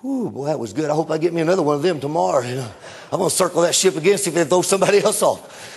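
A man's voice: on the high side, expressive, very fast, creaky, husky, heavily acted. A man voicing a contented, greedy male whale that talks in a lazy, sighing drawl.

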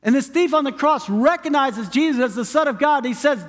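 A male pastor preaches to his congregation in a high, ringing voice, hammering home each point with repeated phrases. His words trail off into the long reverb of a large church hall. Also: animated, fairly quick, hardly any pauses. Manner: emphatic, repetitive preaching cadence. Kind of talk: sermon. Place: church sanctuary.

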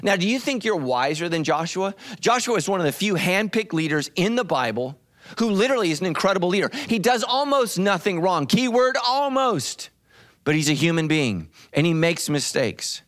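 A middle-aged pastor from the United States preaching a sermon, emphatic and animated, with asides to the congregation. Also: male voice, fairly high pitch.

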